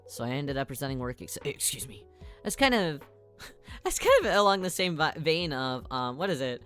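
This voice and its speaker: A woman's voice: sits low, expressive, normal speed, fairly bright tone, soft background music. A woman streamer chatting casually and rambling, laughing often between thoughts. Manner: rambling, giggly, mock voices. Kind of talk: casual live-stream chat.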